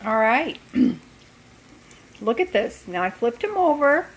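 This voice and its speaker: A woman's voice: fairly high pitch, sing-song, takes it slowly, a little hiss or hum. Older lady showing how she cooks, folksy and chatty, pan sizzling faintly behind. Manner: chatty, folksy, self-deprecating, laughs often. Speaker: home cook. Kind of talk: casual cooking demonstration. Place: home kitchen.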